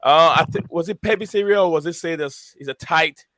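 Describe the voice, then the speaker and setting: A man's voice: a little high, a little fast, fairly bright tone, no echo. A man hosting a casual live stream, hesitant with many fillers, reading out names from the chat. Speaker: host.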